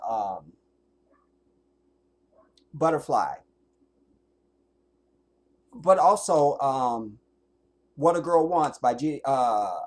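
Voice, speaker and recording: Blunt, profane livestreamer. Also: medium pitch. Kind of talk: livestream rant.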